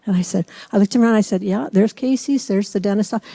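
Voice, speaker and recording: Speaking from the pulpit at a church service, a meditation leader tells a chatty personal story with touches of self-deprecating humor. Her medium-pitched, creaky voice moves fast with hardly any pauses, and she's an animated storyteller. The recording has no room sound.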